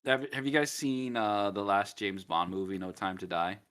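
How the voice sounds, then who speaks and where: A man's voice: lowish voice, normal speed, fairly bright tone, clear, resonant tone. A man co-hosting a casual podcast, chatting and joking with friends. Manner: laughing, joking, breaks into silly voices. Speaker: podcast co-host. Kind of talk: casual chat.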